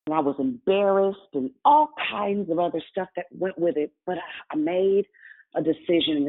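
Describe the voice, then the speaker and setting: A woman's voice: lowish voice, husky. Woman preacher, testimony sermon, chatty and direct, tinny lo-fi audio. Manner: conversational, addresses congregation directly. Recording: tinny phone-like sound.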